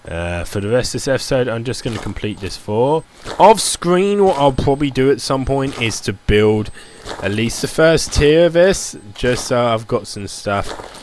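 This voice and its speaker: Playing a building game, this gameplay commentator talks casually and rambles, constantly using "like" as a filler. His voice sits in the mid range, with a little hiss or hum in the recording.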